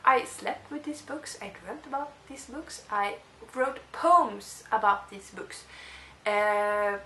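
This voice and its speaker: A woman's voice: on the high side, slow, a little hiss or hum. Gushing young woman in a roomy echo. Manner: gushing, excitable, rambling with restarts. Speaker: book vlogger. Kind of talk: casual monologue to camera.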